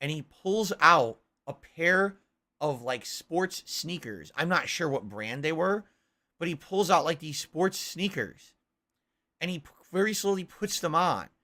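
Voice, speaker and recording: A man's voice: on the high side, expressive, unhurried, pushed and bright. A man hosting a stream, ranting in casual chat with an incredulous tone. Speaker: streamer host.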